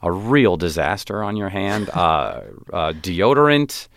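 A man, an actor guest on an interview show, telling animated, self-deprecating stories and acting out other people's lines. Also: sits low, unhurried, no room sound, clean studio sound. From United States. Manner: animated, self-deprecating, acts out quoted voices. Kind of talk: casual interview storytelling.

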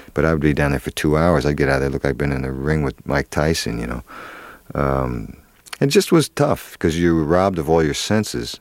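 A man's voice: a bass voice, dry recording. A man, an actor, telling a long story in an interview, rambling with many fillers and restarts. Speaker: actor guest.

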